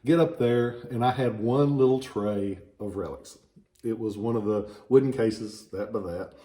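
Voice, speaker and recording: A man's voice: on the low side, a little slow, warm tone. A man with a Southern US accent talking informally about antiques he sells, chatty and prone to digress, with stuffy sinuses, in a small office. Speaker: relic dealer and shop owner. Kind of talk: informal product talk.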